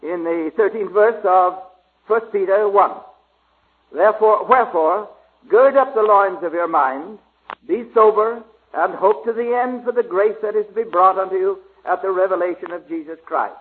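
Preacher, man, high voice, slow halting delivery, tinny lo-fi recording. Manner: slow, halting, many pauses and fillers. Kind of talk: Bible study sermon. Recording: tinny phone-like old recording.

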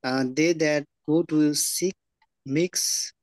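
Scripture reader, very slow, hesitant, stumbles on words, dry recording. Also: medium pitch, steady tone, darkish tone, no room sound, low-quality recording. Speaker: Bible reader in study group. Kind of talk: slow halting scripture reading.

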